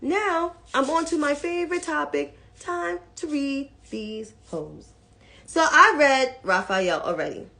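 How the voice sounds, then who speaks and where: A woman's voice: sits high, lively intonation, slow, vocal fry, pushed and bright. A woman giving casual political commentary in a blunt, profane, mocking way.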